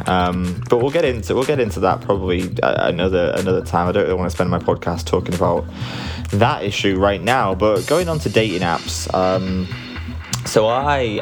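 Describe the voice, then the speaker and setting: A man with a very low voice chats through a solo podcast episode from home at night. He sounds sleepy and relaxed, rambling and candid, with soft music faintly underneath. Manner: rambling, candid, swears casually. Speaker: podcast host. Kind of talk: casual solo podcast chat.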